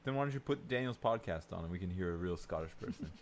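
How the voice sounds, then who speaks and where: Podcast co-host, man, low voice, dry teasing humor, easy laugh. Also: animated, quick pace, a little hiss or hum. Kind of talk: casual chat.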